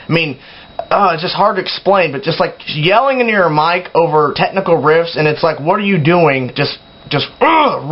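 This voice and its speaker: A young man hosting a casual opinion vlog, talking in an animated, exasperated way with sighs and mock yells. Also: a little high, lo-fi sound. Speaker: metal video blogger.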